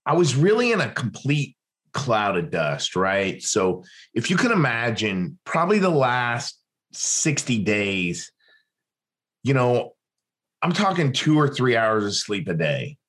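A man's voice: medium pitch, big pitch swings, takes it slowly, a bit bright. A man, a former military interrogator, telling his story in an interview and acting out the dialogue as he goes. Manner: vivid storyteller who acts out quoted dialogue.

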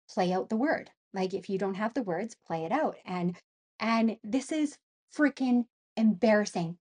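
A middle-aged woman talks as a guest in a casual interview. Her speech is halting, full of restarts and pauses as she searches for words, in a voice of ordinary middle pitch. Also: darkish tone. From northern Canada. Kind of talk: casual conversation.

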